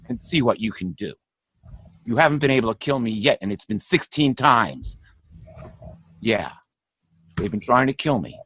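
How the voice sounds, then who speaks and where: A man's voice: mid-range voice, lively intonation, moderate pace, pauses often, a bit bright, breathy edge, no echo. A middle-aged man speaking on a panel, fervent and preachy, often stumbling and restarting mid-sentence. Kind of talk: impassioned spiritual talk.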